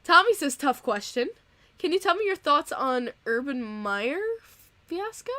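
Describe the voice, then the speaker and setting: Young female streamer host, high voice, dry close sound, chatty, emotional, laughs a lot. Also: sing-song, measured pace, pushed and bright, no echo. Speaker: podcast host reading donations. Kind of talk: casual live-stream chat.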